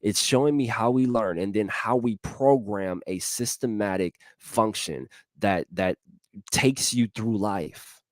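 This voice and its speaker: A man with a fairly low voice talks through a motivational message, earnest and a little repetitive. He keeps asking rhetorical questions and speaks straight to his listeners in a folksy way. The sound is close and dry, with no room behind it. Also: measured pace, dry recording. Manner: addresses listeners directly and folksily. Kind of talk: casual motivational talk.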